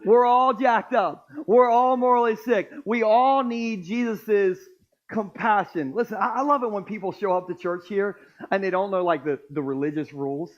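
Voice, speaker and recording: Pastor, male, high voice, playful crowd-working preacher in a church, lo-fi sound. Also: normal speed. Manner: joking, playful, crowd-engaging. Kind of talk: sermon. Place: church auditorium.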